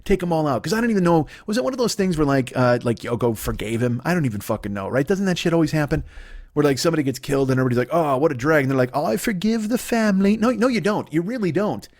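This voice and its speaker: A man's voice: on the high side, big pitch swings, racing, darkish tone. A man in his forties from the United States doing a solo comedy podcast, ranting profanely and slipping into mocking put-on voices. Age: 40s. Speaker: comedian host.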